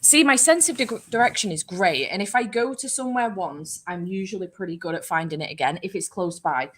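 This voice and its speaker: A woman's voice: medium pitch, expressive, a little fast, a bit bright. Chatty, sweary young woman. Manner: chatty, swears freely, self-mocking. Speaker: book channel host. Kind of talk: casual live chat with viewers.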